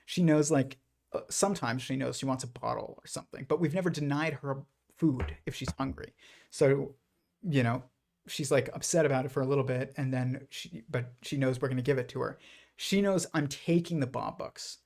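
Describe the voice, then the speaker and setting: A man's voice: medium pitch, normal speed, vocal fry, darkish tone. A man hosting a livestream and talking through his ideas in a rambling, reflective way, full of fillers and restarts. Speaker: livestream host. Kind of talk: casual livestream monologue.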